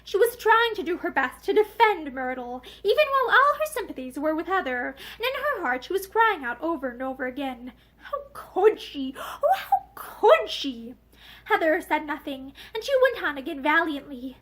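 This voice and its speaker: A woman reading a novel aloud with expressive, animated narration. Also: high voice, brisk, hardly any pauses. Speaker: audiobook reader.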